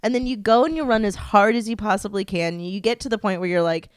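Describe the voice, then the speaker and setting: A young woman co-hosting a casual podcast chat, telling a story in an animated way and acting out the voices of the people in it. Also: medium pitch, fast, clean tone, no echo, clean studio sound. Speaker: podcast co-host.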